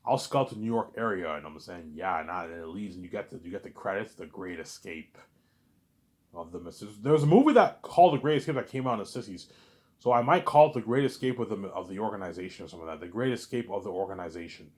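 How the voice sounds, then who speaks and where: Guy rambling on excitedly, low-ish voice, keeps stumbling and restarting. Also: fast talker. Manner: excited, repeats words and restarts often; says "you know what I'm saying" a lot. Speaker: host of a listening series. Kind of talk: rambling casual monologue.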